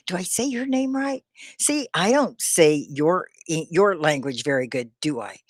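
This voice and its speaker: A woman teaching English on a live stream, speaking slowly and clearly with encouragement, often laughing as she talks to viewers. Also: on the low side, no room sound, studio quality. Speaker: ESL teacher.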